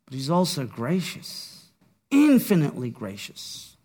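A man preaching a sermon, with a slow, dramatic delivery that swings from hushed to raised. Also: high voice, lively intonation.

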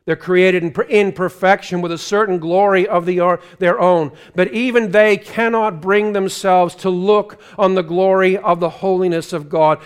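High, resonant preacher swinging loud to hushed. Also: male voice, normal speed, few pauses, clear, resonant tone. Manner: swings from loud proclamation to hushed, pleading intimacy. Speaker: guest preacher. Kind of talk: live sermon. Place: church sanctuary.

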